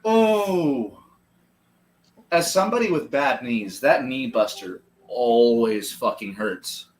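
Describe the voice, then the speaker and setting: A man co-hosting a casual podcast. He talks excitedly and laughs easily, with heavy swearing. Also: medium pitch. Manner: excitable, profane, quick to laugh. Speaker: podcast co-host. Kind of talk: casual chat.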